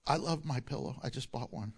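A man's voice: medium pitch, a little fast, noisy background. A man preaching a sermon, reading scripture and breaking into joking asides and acted-out quotes. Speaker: pastor.

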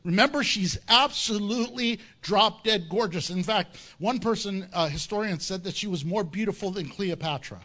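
A pastor's sermon becomes lively storytelling as he jokes and performs the characters' dialogue. His high voice runs at a normal speed with hardly any pauses.

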